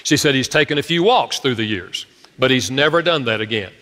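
Male author-speaker, storytelling talk, bright forceful tone, slightly high, long hall echo. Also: animated, a little fast. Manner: retells stories, acting out the quoted speakers. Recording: echoey hall.

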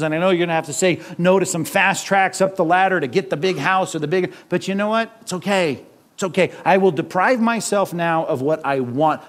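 A middle-aged man, a pastor with kids, preaching a conversational sermon full of rhetorical questions. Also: a little high.

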